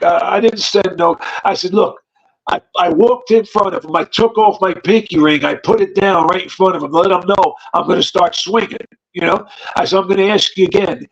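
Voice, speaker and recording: New Jersey man telling stories. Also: high voice. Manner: rambling, acts out quoted dialogue. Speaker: podcast guest storyteller. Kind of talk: casual storytelling. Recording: dull lo-fi podcast audio.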